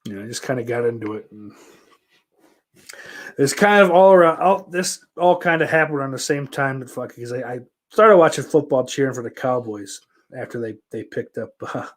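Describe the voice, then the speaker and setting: A male podcast host rambles through a casual chat answering viewer questions, with plenty of swearing, fillers and restarts. His voice is medium-pitched and animated, and he talks fairly quickly.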